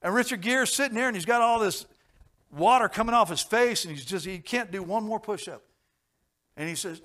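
A man delivers a sermon in a somewhat high voice, moving between hushed, intimate passages and loud, fervent ones. He tells stories in a folksy way and slips in jokes and chuckles along the way. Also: expressive, brisk. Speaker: preacher.

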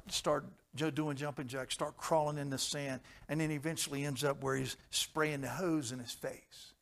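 Guy preaching a sermon, kinda high voice, goes quiet then loud and fired up, folksy storytelling. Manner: swings from hushed to loud and fervent; folksy storytelling with jokes and chuckles.

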